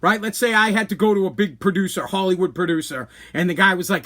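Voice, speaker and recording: A man's voice: high voice, fairly quick, few pauses, bright, forceful tone. A man hosting a podcast, ranting bluntly and heatedly with profanity and lots of repetition. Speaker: podcast host. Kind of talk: opinion rant.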